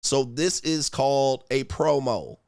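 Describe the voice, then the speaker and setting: A man's voice: mid-range voice, expressive, slow, a little mellow, no room sound, studio quality. A man hosting a live stream, delivering an angry, profane rant full of insults and scornful laughter.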